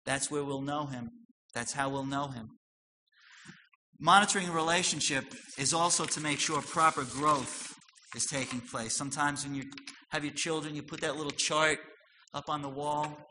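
A man preaching a sermon, swinging from loud emphatic lines to soft, low asides. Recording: long hall reverb with faint noise.

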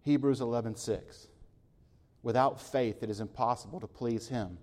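A man's voice: mid-range voice, normal speed, darkish tone. A man preaching a sermon, earnest and building to impassioned emphasis, citing scripture verses by reference. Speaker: pastor.

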